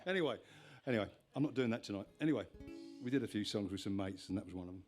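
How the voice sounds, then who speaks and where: A man's voice: lowish voice, animated, rapid-fire, soft background music. A man on stage at a live gig, talking between songs in a chatty, meandering way that keeps restarting its own sentences. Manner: chatty, meandering, self-interrupting. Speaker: folk singer-songwriter performing live. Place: live music venue on stage. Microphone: stage vocal mic with monitor.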